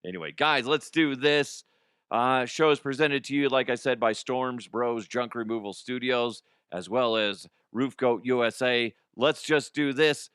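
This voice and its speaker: Host of a sports talk show, a man who rambles and laughs at himself in casual chat. His voice is bright and forceful and sounds dry and close to the mic. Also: medium pitch, a little slow, clear, resonant tone, dry recording. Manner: rambling and self-mocking, laughs often.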